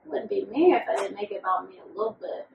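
A woman's voice: mid-range voice, expressive, quick pace, gravelly, highs cut off, slight background noise. A young woman co-hosting a podcast, talking in a candid, profane, oversharing way about her own life. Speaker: podcast co-host. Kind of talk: candid casual chat. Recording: roomy sound from a distant mic.

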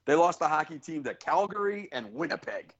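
A man's voice: fairly high pitch, lively intonation, a little fast, a bit bright, dull audio. A man co-hosting a podcast, chatting casually about sports and ranting with sarcastic asides. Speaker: podcast co-host.

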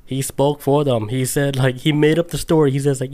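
A man's voice: medium pitch, flat delivery, fairly quick, hardly any pauses, dark tone. Podcast guy telling a story, mid voice, laid back, swears a lot. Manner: loose, swears, laughs often. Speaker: podcast co-host. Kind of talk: casual chat, storytelling.

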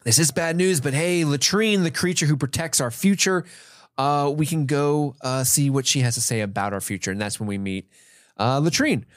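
A man's voice: on the high side, normal speed, dry recording, clean studio sound. A man co-hosting a podcast, chatting casually about a film and often laughing. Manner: laughs often, acts out movie lines in put-on voices. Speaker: podcast co-host. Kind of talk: casual film review chat.

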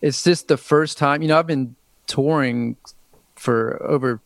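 A man's voice: mid-range voice, unhurried, no room sound. A man in his thirties, a musician guest in a casual interview, talking in a hesitant, rambling way with many restarts. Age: 30s.

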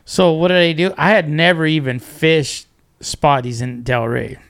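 A man's voice: fairly high pitch, steady tone, moderate pace, fairly bright tone. A man chatting as a podcast guest, telling fishing stories animatedly, acting out quotes and restarting often. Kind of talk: casual storytelling.

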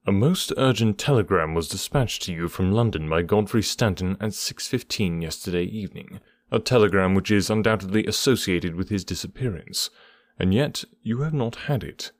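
Man doing a sharp detective, low voice, measured and dryly ironic, dry close sound. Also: dry recording. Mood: probing. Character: brisk, sharp-witted male detective, dry and probing.

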